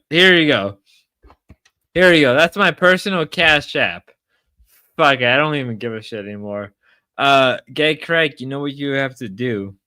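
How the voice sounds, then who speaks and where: A man's voice: medium pitch, sharp tone, no echo. A drunk man livestreaming in casual chat, rowdy and rambling, whooping between lines.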